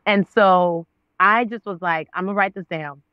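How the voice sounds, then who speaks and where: A woman's voice: medium pitch, unhurried, clear, resonant tone, no echo, dull audio. A woman in her thirties, an actress and author, telling her story as an interview guest, acting out past conversations with God. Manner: expressive, acts out her own past dialogue with God. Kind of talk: animated storytelling.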